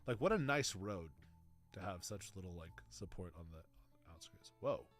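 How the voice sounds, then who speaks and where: A young man streaming a game, with animated, joking commentary as he talks back to the game. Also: low-pitched, fairly quick, faint music behind. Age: young adult. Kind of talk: casual gameplay commentary.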